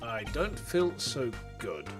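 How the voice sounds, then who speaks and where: Streamer chatting over a game, swears a lot, gets loud and excited, voice all over the place, faint music behind. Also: mid-range voice, slow pace. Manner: excitable, profane, bursts of loud laughter. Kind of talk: casual let's-play commentary.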